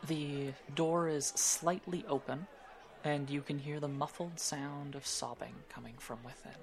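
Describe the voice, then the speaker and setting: A man's voice: fairly high pitch, steady tone, unhurried, a faint crowd. A man narrating as game master of a tabletop role-playing game, hesitant and full of restarts.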